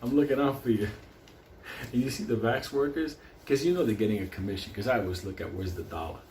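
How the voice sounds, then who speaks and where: A man with a mid-pitched voice rambles through a profanity-laden rant, trailing off and starting sentences over. He sounds roomy and echoey, with faint ambience behind him. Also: fast talker, darkish tone, slight background noise. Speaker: vlogger.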